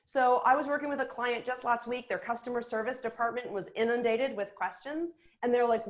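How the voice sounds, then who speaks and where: Keynote speaker: middle-aged woman, slightly high voice, punchy practical delivery for a webinar. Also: a little fast. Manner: energetic, emphatic, practical. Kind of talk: motivational webinar talk.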